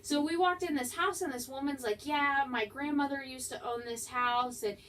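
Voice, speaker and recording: A woman's voice: high-pitched, moderate pace. A woman paranormal investigator telling her experiences in a casual interview, chatty and full of "like" fillers. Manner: chatty, many "like" fillers, lively quoting. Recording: slightly distant mic with faint background noise.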